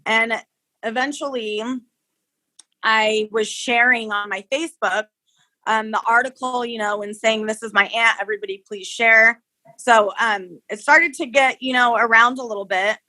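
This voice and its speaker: A woman's voice: on the high side, normal speed, low-quality recording. A woman, the victim's niece, recounting events casually in an interview and acting out the people she quotes. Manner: animated storyteller, acts out quoted people.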